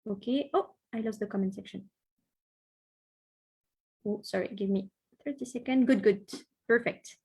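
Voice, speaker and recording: A woman teaching an online class, encouraging students and modelling pronunciation slowly. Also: mid-range voice, mellow, husky. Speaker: French teacher.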